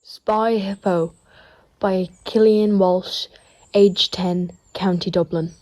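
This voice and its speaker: A woman narrating a children's animated story in a clear, measured read-aloud manner. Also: medium pitch.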